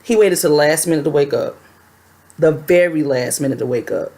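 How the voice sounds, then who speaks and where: A young adult woman telling a personal story to her camera in a chatty, animated way. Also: sits low, brisk. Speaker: vlogger.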